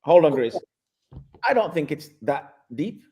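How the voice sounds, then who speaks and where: A man's voice: a little high, very animated, unhurried, a little mellow, slight background noise. A man, a guest on a football chat show, pressing his argument and cutting in to hold his ground. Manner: persistent, interrupts to press his point. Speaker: guest pundit. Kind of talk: casual football debate.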